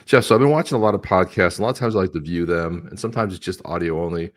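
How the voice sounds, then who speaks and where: A man's voice: low voice, rapid-fire. A man co-hosting a live-stream show, talking in a rambling, chatty way with lots of restarts. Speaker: co-host. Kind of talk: casual live-stream chat.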